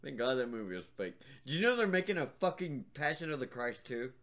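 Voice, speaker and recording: A man's voice: mid-range voice, big pitch swings, fast, a bit bright. A man co-hosting a podcast, talking crudely with lots of swearing and laughter. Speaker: podcast co-host. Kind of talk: casual chat.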